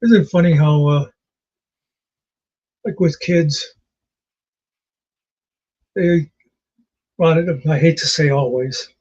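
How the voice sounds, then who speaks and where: Male co-host, husky and a bit high, loose anecdotal delivery, muffled lo-fi recording. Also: a little mellow. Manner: rambling, anecdotal, with many fillers. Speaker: podcast co-host. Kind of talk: casual chat.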